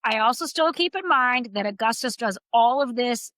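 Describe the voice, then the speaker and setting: A woman co-hosting a book podcast in casual chat, an animated storyteller who swears freely. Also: a little high, moderate pace, dry recording, rough recording. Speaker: podcast co-host.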